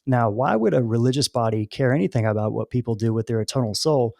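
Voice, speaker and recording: A man's voice: medium pitch, animated, fast, creaky, mellow, no echo, clean studio sound. A man as a podcast guest, earnestly explaining spiritual ideas at length with storytelling asides. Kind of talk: conversational spiritual discussion.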